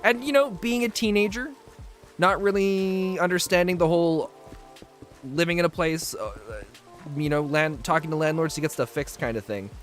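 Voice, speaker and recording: A man's voice: a little high, moderate pace, faint music behind. A man in his twenties chatting casually on a game livestream, reading out viewer messages and laughing easily as he tells stories. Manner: chatty, reads chat aloud and answers viewers. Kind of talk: casual livestream chat while playing.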